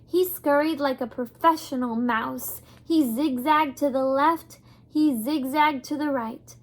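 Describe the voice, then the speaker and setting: A woman reading a children's novel aloud in a gentle, measured storytelling voice. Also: high-pitched. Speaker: reader.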